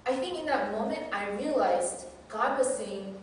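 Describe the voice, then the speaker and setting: A woman's voice: on the high side, expressive, a little slow, a little hiss or hum. A woman who teaches, giving a candid, self-deprecating personal testimony as a sermon. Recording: very echoey hall, mic far off.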